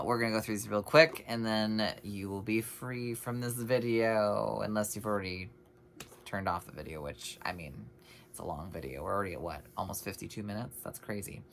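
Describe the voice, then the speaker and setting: A man's voice: lowish voice, fairly bright tone, a little hiss or hum. A man giving a casual, rambling review of home fragrances, chatty and full of little tangents. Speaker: scent reviewer.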